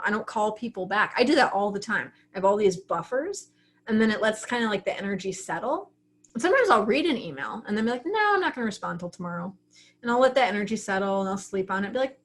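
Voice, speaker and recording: A woman teaching a writing class over a casual livestream, talking in a chatty, frank way. She keeps acting out her own inner thoughts as she goes. Her voice sits at an ordinary middle pitch. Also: expressive, a little fast.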